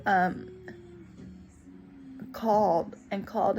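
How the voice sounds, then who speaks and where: A woman recounts a personal story with lively expression, bringing the other people in it to life. Her voice sits at a middle pitch, and faint music plays quietly behind her. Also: slow, long pauses, rough recording. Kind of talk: personal story told to the camera.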